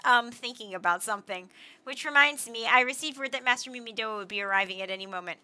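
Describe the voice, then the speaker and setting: A formal, uneasy gatekeeper trails off and hedges as he talks, read aloud by a woman. Her voice is high and very bright.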